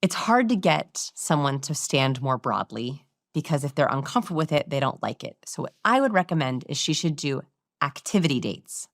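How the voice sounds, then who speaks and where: A woman speaks in an interview with a lowish voice, lively and full of explanation. She sometimes acts out how other people talk to make her point. The sound is close and dry, with no room echo. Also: moderate pace. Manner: animated, demonstrates voices while explaining. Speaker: body language expert guest.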